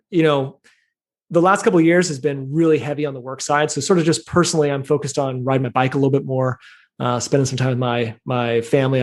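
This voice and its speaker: A man in his thirties, a podcast guest, talking in a thoughtful, measured way with plenty of fillers. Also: medium pitch. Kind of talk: casual interview talk.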